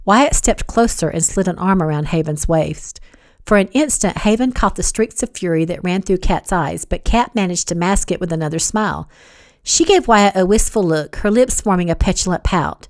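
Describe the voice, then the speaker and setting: A woman reading her novel aloud as audiobook narration, evenly and measured. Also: fairly low pitch, lively intonation, dry recording, studio quality.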